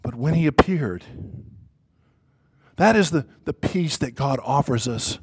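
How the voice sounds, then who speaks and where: Male preacher with a high voice, live sermon, emphatic, builds and drops to a hush. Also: animated, a little slow, slightly rough. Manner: emphatic, repetitive, swings from loud to hushed. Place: church before a congregation.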